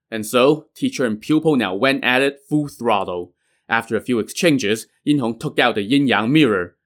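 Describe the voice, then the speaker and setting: A man's voice: medium pitch, normal speed. Male storyteller reading a classic tale. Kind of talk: narrating a classic novel.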